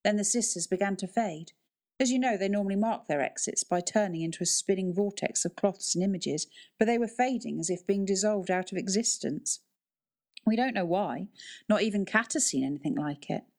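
A woman's voice: mid-range voice, a little fast, a little mellow, close to an everyday voice. A woman voicing Moulton, an intense adult man who speaks with urgent emphasis, in an audiobook reading. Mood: explaining.

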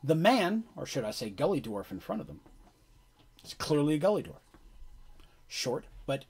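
Husky man narrating a tabletop game. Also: on the high side, moderate pace. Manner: animated, casual descriptive narration. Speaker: game master.

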